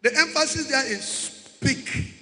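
Emphatic male preacher, bright tone, long hall reverb. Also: high voice, animated, moderate pace. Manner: emphatic, repeats key words, calls out to the congregation. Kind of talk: sermon.

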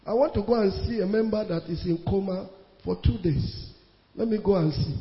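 High-voiced pastor preaching emphatically. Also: male voice, moderate pace. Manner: emphatic preaching, repeats phrases, swings between loud bursts and quiet asides. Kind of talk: sermon. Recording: reverberant hall, dull lo-fi sound.

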